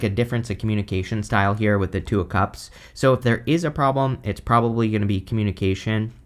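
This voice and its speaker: Casual male tarot reader, relaxed conversational delivery with frequent "right?" tags. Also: medium pitch. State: has the hiccups. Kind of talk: casual weekly tarot reading.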